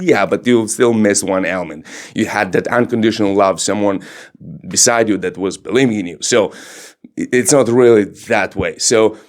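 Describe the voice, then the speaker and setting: A man speaking as a business coach in a motivational monologue, earnest and emphatic, repeating key phrases. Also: fairly low pitch.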